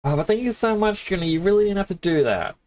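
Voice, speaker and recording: A man streaming a game, sniffling a little and telling rambling stories with quick laughs into a desk mic. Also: sits high, expressive, a little mellow. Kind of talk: casual chat while gaming.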